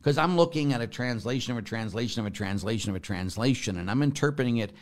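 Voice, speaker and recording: With a medium-pitched, expressive voice and a fast pace, a middle-aged man who is a Catholic priest talks about faith. It's loose and conversational: he wanders onto tangents and addresses rhetorical asides to his audience.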